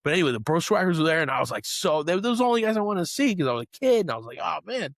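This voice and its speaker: A middle-aged man co-hosting a podcast, telling stories in an animated way and often saying "man" and "dude". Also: a little high, racing, dry recording, studio quality. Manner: animated storyteller, swears, says "man" and "dude" a lot. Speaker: podcast co-host. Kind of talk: casual chat.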